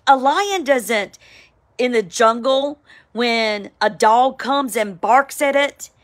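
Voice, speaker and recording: A woman, giving a casual, emphatic spoken devotional, with sudden excited high cries. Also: slow. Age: 50s. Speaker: Christian devotional vlogger. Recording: home, with a siren outside.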